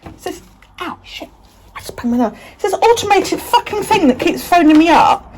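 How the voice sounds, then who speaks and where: A woman's voice: very high-pitched, very animated, moderate pace, background noise. A woman chatting casually in a home vlog, swearing freely and talking to her dog. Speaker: vlogger.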